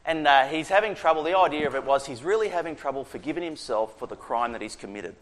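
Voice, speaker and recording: A man's voice: fairly high pitch, fast. Australian man telling a chaplaincy story. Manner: conversational, animated retelling with quoted dialogue. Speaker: prison chaplain. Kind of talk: storytelling testimony.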